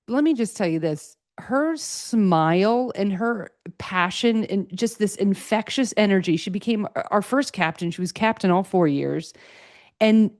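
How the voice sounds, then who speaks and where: A woman's voice: medium pitch, darkish tone, no echo, studio quality. A woman hosting a sports podcast, chatting casually and getting emotional as she gushes. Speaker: podcast host.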